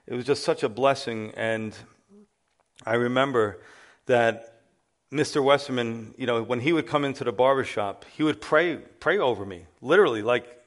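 A middle-aged man, a pastor, preaching a sermon as an animated personal testimony that acts out the voices of the people in his story. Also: mid-range voice, normal speed.

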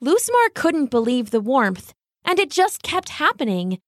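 A woman reading a fairy tale aloud with a lively, rising-and-falling voice, slightly high. She takes her time over each line, gentle and expressive. The sound is close and dry. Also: normal speed, dry recording. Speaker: storyteller. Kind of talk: scripted storybook narration.

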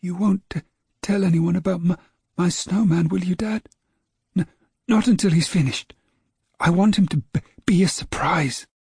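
A man doing a stammering high little boy. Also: normal speed, gravelly, pauses often, a little mellow, husky, dry recording, clean studio sound, full character voice. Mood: pleading. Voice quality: stammers on first sounds. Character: small stammering boy, eager and proud. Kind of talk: storybook reading.

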